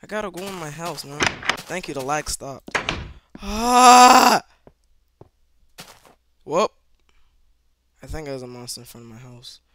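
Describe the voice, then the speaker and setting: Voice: medium pitch, normal speed, long pauses, slight background noise. A gameplay commentator talking to viewers, reacting with panicky exclamations and repeating himself. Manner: excitable, panicky reactions, yelling at monsters; talks to viewers, repeats phrases. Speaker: gameplay video maker.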